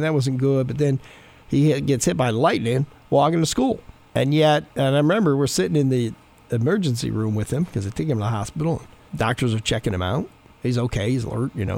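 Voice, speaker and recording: A middle-aged man preaches in a relaxed, storytelling way, his voice carrying a gravelly edge. He talks like he's chatting with a congregation rather than lecturing. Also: medium pitch. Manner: conversational, folksy storytelling. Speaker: pastor. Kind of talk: sermon.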